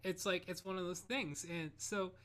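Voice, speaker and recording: A man from Ohio, a composer and pianist, telling a story as an interview guest in an animated, rambling way, full of "like" and restarts. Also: high-pitched, moderate pace. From Ohio, United States. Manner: animated, full of "like" and "you know", many restarts. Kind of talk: reflective conversational storytelling.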